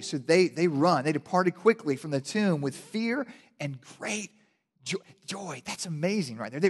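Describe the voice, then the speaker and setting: A male pastor preaching a sermon, telling the story animatedly and building to loud, passionate emphasis. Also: high voice, lively intonation, moderate pace, slightly rough. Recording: long hall reverb.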